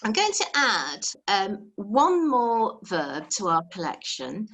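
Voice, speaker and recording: A woman's voice: medium pitch, sing-song, slow, a bit bright. A woman teaching a live online language lesson, explaining patiently step by step and encouraging her students over a video call.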